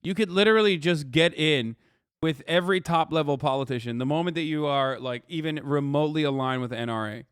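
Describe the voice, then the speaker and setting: A man's voice: fairly high pitch, fairly quick, clear, resonant tone, no echo. A man in his thirties reacting to a news video on a livestream, ranting heatedly and swearing often as he talks to his chat. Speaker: livestream commentator.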